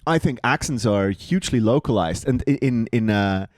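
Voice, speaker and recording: A man's voice: mid-range voice, lively intonation, moderate pace, darkish tone, no echo. Man from switzerland, comedy podcast co-host, playful banter, dry close sound. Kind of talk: casual comedy podcast chat.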